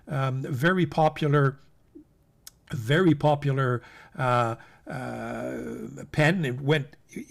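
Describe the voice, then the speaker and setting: A man hosting a weekly pen roundup, his voice sitting a little higher than most men's. He rambles casually, stumbling over restarts and filling pauses with ums and uhs, and he talks straight to the viewers as folks. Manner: rambling, many fillers and restarts. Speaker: fountain pen channel host.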